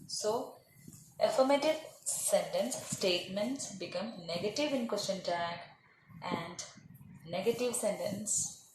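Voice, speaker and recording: A woman teaching English grammar, explaining slowly and deliberately and repeating example phrases. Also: medium pitch. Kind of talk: grammar lecture. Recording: echoey room, faint noise.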